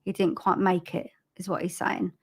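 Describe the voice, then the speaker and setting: A woman giving a live-streamed psychic reading, soft and halting, with frequent ums and repeated phrases. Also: on the low side, level tone, slightly rough. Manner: laughs at herself over tech trouble. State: choked up with emotion. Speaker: psychic medium.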